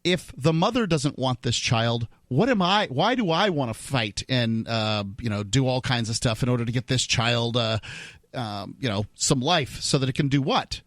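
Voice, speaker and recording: A man's voice: mid-range voice, expressive, normal speed, fairly bright tone, dry recording, studio quality. A man hosting a talk radio show, blunt and opinionated in casual talk. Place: radio studio. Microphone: studio microphone.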